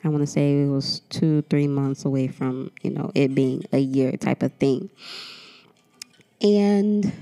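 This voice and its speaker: A woman's voice: rumbling low, fairly even intonation, measured pace, warm tone. A woman hosting her own podcast, venting in a heated, profane solo monologue and speaking straight to her listeners. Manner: addresses listeners directly. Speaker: podcast host.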